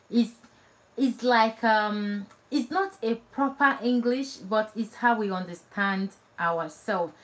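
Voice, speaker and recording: A woman from Nigeria with a Nigerian accent, whose first language is Igbo, chatting casually and warmly with live viewers, laughing often and restarting her phrases. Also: mid-range voice. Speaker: vlogger.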